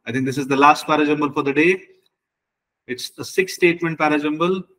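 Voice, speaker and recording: A man's voice: a little high, a little fast, fairly bright tone, poor audio. A man with an Indian English accent teaching an online exam-prep lecture, explaining step by step and switching between English and Hindi.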